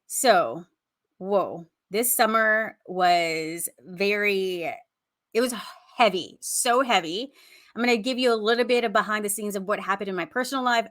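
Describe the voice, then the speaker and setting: A woman's voice: medium pitch, a bit bright. Chatty woman podcast host. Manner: chatty and effusive, many "like" fillers. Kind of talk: casual unscripted podcast talk.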